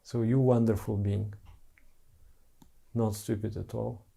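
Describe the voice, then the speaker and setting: A man's voice: fairly low pitch, level tone, slow pace, creaky, mellow, slightly rough. A man who is a spiritual teacher, giving an earnest, heartfelt devotional talk to followers in simple broken English.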